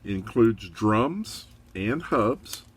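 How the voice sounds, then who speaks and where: A middle-aged man giving a relaxed, chatty review of a model kit, rambling a little and encouraging viewers. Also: lowish voice, extremely slow, a little hiss or hum. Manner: upbeat, encouraging. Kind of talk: casual hobby review.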